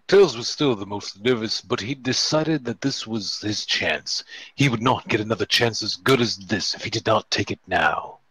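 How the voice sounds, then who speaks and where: A man hosting a comedic fanfic reading, narrating in a deadpan way and chuckling at the text. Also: lowish voice, moderate pace, husky, dry recording, low-quality recording. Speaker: host and fanfic reader.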